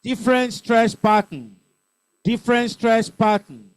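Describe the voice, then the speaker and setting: An older man with a Nigerian accent teaching an exam revision class, calling out words and slowly drilling pronunciation and stress. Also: very high voice, animated. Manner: drills answers by call and repeat, stresses syllables slowly.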